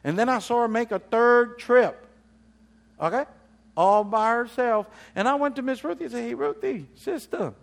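A man's voice: extremely high pitch, animated, normal speed, gravelly. A man preaching a sermon to a congregation in a conversational way, rising into emphatic bursts and asking the listeners questions. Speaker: pastor.

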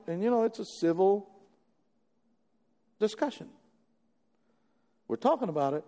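Animated preacher man in an echoing hall. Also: sits high, measured pace, pauses often. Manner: animated, building to emphatic peaks, rhetorical questions. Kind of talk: sermon. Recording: long echoey hall reverb.

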